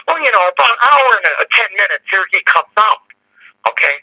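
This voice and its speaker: Man guest caller, indignant and rambling, with a raspy voice and a swooping delivery. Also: high-pitched, sing-song, fast talker, bright, forceful tone, low-quality recording. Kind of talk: angry storytelling on a call-in show.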